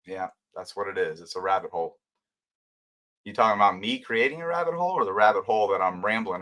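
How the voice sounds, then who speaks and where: A man's voice: lowish voice, expressive, quick pace. An older man, a former detective, hosts a livestream and rambles emotionally while answering viewer comments. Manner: emotional, ranting, rambling, swings between loud and quiet.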